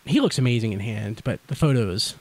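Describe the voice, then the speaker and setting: Fast-talking, wired podcast host man. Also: mid-range voice, animated. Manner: fast, words blurring together; energized, wide awake. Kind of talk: casual chat.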